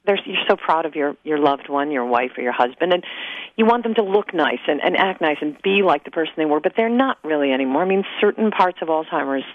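A woman's voice: low voice, animated, brisk, narrow, tinny audio, slight background noise. A woman talking as an author guest in a radio interview, earnest and conversational.

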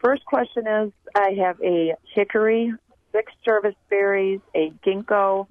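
A woman's voice: mid-range voice, steady tone, unhurried, dry recording. A woman from Wisconsin calling a radio show, polite and detailed, rambling a little. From Wisconsin, USA. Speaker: caller. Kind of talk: phone-in question. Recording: muffled phone-in audio on radio.

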